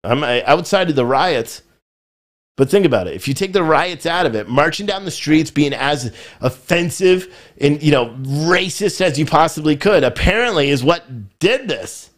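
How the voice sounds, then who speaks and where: A man's voice: a little high, expressive, normal speed. A man hosting a live political commentary show, talking in a frustrated, rambling way and often repeating himself. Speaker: podcast host.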